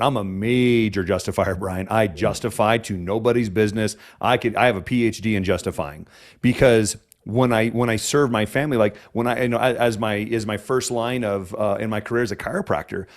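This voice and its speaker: A man's voice: lowish voice, fairly quick. A man hosting a podcast interview, a chiropractor who talks in an emotional, rambling way with many restarts.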